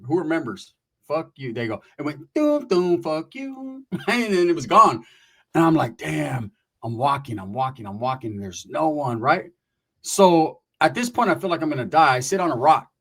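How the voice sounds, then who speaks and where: A man telling a long story in casual, profane slang, acting out the voices of the people he quotes. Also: on the high side.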